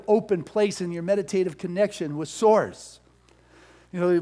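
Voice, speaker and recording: A middle-aged male pastor giving a storytelling sermon, dropping to soft asides and rising to loud, emphatic peaks. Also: a little high.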